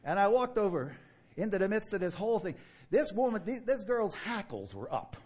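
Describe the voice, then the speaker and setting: A man with a New York accent preaching a sermon in an animated, fast-talking way, laughing often and playing out dialogues. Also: high voice, slightly rough.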